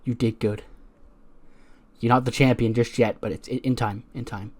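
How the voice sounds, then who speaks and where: A man voicing a manipulative female wrestler, speaking in a hushed, low, conspiratorial way. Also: flat delivery, a little slow, close to an everyday voice. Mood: scheming.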